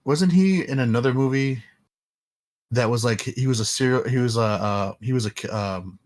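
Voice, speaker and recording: A man's voice: mid-range voice, normal speed, darkish tone. A man co-hosting a casual podcast chat, rambling with many fillers and restarts. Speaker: podcast co-host.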